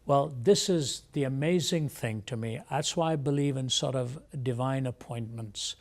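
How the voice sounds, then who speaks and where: A man as an interview guest, telling a personal testimony in a measured, reflective way. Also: mid-range voice, a little mellow. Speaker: guest speaker.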